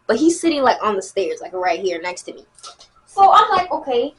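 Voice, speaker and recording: A young woman, telling a casual storytime vlog in a chatty, animated way. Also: medium pitch, a little fast, husky. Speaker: vlogger.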